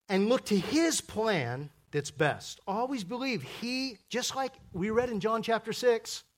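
A man preaching a sermon as pastor, animated and acting out the people in his stories. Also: sits high. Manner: animated, acts out biblical characters in voices.

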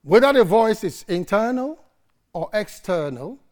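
Preacher man, dramatic sermon delivery, slow paced, loud-to-soft swings. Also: high voice, sing-song. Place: church service.

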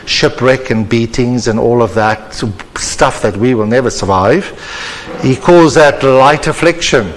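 Male preacher, earnest and deliberate, reverberant church hall. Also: mid-range voice. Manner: earnest, measured, preacherly emphasis. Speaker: conference speaker. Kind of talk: sermon.

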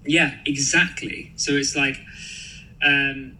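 A man's voice: medium pitch, measured pace, crowd noise, poor audio. A man as a podcast guest in casual chat, swearing freely, laughing and rambling. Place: flat in London.

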